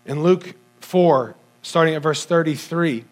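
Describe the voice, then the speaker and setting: A man preaching a sermon to a congregation, animated and asking his listeners rhetorical questions as he swings between low and high pitch. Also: unhurried. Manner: audience-addressing with rhetorical questions.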